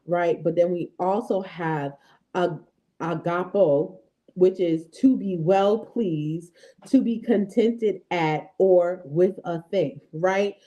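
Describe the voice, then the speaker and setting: A woman in her thirties hosting a faith talk, speaking to viewers in a lively, chatty way and often checking in with "right?" and "okay?". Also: lowish voice. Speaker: host of a faith affirmation show. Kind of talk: casual devotional talk.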